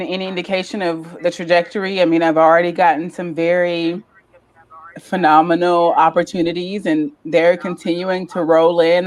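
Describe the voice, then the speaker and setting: Woman guest, lower register, lively storyteller, casual chat. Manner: animated, laughs often, chatty storyteller. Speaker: guest, lifestyle content creator.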